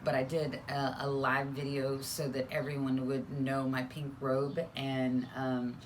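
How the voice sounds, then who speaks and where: A middle-aged woman pastor co-hosting a casual live stream from a home studio, chatty and playful and speaking in a hushed voice. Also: rumbling low, flat delivery, measured pace, a little hiss or hum. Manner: chatty and playful, rambling with fillers. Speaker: pastor and co-host. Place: spare room turned home studio.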